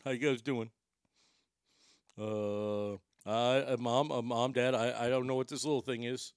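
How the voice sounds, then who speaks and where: A man voicing his big male dog, a gentle, confused pet who stammers and hesitates. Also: medium pitch, steady tone, measured pace, clean tone, dry recording, clean studio sound, pitched below the performer's own voice, lightly acted.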